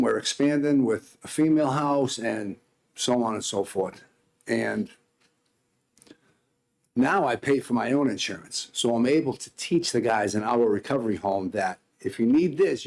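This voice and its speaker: A man's voice: fairly low pitch, vocal fry, a little mellow. A man running a recovery home, giving earnest, rambling testimony at a state senate hearing. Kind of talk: public testimony.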